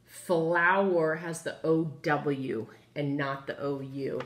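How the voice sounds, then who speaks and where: Writing on the board as she goes, a woman teaches phonics to children, posing questions to the class with patience and encouragement. Her voice sits low, her intonation is fairly even, and she speaks slowly in an echoey room.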